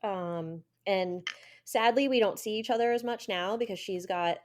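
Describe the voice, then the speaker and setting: A woman's voice: medium pitch, normal speed. A woman runner who is a guest on a podcast, telling stories in casual chat with frequent ums. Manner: chatty storyteller with frequent ums and laughs.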